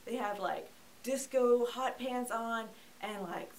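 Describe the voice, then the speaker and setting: A woman's voice: fairly high pitch, slow. A woman giving a chatty, joking movie review and acting out the characters. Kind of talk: casual comedic movie review.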